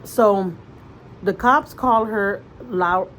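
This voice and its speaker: A woman's voice: mid-range voice, extremely slow, a bit bright, a little hiss or hum, poor audio. A woman vlogger retelling a story in casual chat, rambling with fillers and restarts, earnest and conversational. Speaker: mother vlogger.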